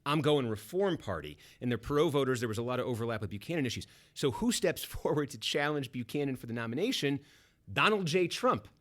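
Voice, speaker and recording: A man's voice: medium pitch, fast. A man from Boston, a book author and guest, telling detail-packed political stories in a podcast conversation. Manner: animated, detail-packed anecdotes. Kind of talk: fast political storytelling.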